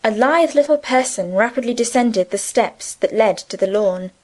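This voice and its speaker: Female audiobook narrator, high register, measured delivery. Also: a little mellow, low-quality recording. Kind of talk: scripted narration.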